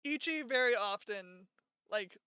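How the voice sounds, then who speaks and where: A woman's voice: fairly high pitch, expressive, unhurried, bright, forceful tone, clear, resonant tone, no room sound. A woman from Texas with a North Texas accent tinged with Michigan, chatting playfully on a live stream and laughing often. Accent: North Texas with Michigan traces. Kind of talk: casual chat on a live stream.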